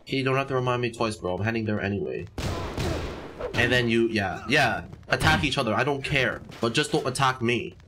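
A man's voice: medium pitch, normal speed, background noise. A man hosting a casual let's-play, reacting aloud with lots of exclamations and slang. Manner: exclaiming, slangy, says "bro" often. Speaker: gaming channel host.

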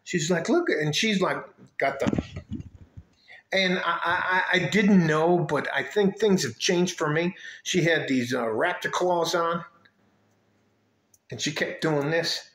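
Animated, profane man ranting to his viewers. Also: fairly high pitch, slow pace, long pauses, echoey room. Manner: animated, blunt and profane storytelling. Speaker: vlogger addressing his viewers. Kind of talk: casual rant vlog.

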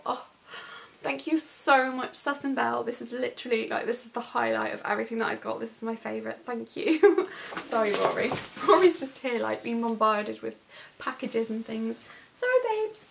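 A woman's voice: fairly high pitch, lively intonation, normal speed, vocal fry, noisy background. A young woman in her bedroom, gushing breathlessly as she unboxes gifts in a chatty vlog. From England. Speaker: lifestyle vlogger. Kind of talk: excited unboxing chat.

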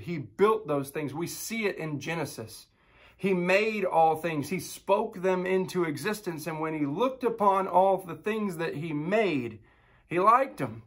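Man in his thirties, pastor, chatty upbeat sermon delivery, voice sitting a little high. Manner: storytelling with animated impressions of his kids; upbeat, conversational preaching. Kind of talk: devotional sermon.

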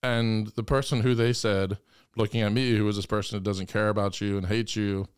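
Low smooth voiced priest guy, dry close sound, talks with real passion. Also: flat delivery, brisk, no room sound. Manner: earnest, impassioned storytelling. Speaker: guest priest. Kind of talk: conversational interview.

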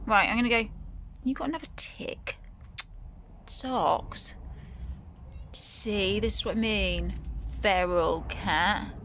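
A woman's voice: mid-range voice, a little slow, long pauses, fairly bright tone, a little hiss or hum. A woman filming herself outdoors on a phone, chatting fondly and coaxingly to a cat. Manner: coaxing, fond pet talk. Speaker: vlogger feeding a feral cat. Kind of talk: casual chat to a pet.

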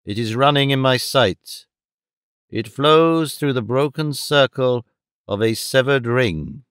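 A man's voice: mid-range voice, lively intonation, fairly bright tone, smooth, no echo, clean studio sound. Stately middle-aged queen of fortune, ominous and imperious, read by a man. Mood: stern, ominous. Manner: slow, grave, commanding. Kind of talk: audiobook reading.

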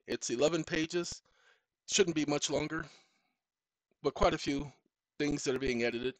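A man hosting his own channel, lecturing viewers in a combative monologue that swings into loud rants. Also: on the high side, a little slow, no echo, rough recording. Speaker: channel host. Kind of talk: direct-to-camera monologue.

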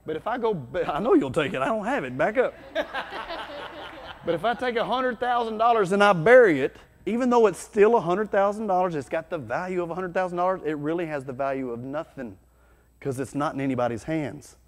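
A man with a somewhat high voice preaches with energy, talking to his congregation like friends and breaking into loud bursts. His voice rings with the long reverb of a church hall. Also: fast. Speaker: pastor. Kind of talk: sermon.

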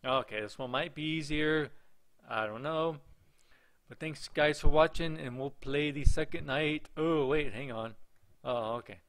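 A man's voice: a little high, unhurried, fairly bright tone. A man giving casual let's play commentary on a horror game, rambling and joking, often talking straight to the game's characters. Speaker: gameplay commentator.

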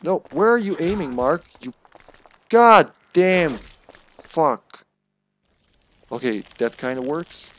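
A man giving live commentary while he plays a game, excitable and joking, swearing freely and calling out to his teammates. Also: a little high, slow pace, long pauses. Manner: jokey, laughs often. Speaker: streamer.

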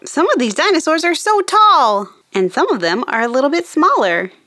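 A young adult woman hosting a children's show, narrating slowly and gently in a sing-song, animated way for kids. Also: high-pitched. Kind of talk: slow kid-directed narration.

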